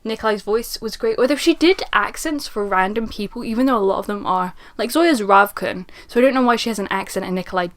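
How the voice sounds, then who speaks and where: A young woman giving a casual spoken book review, chatty and animated, laughing often. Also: medium pitch, fast talker, few pauses.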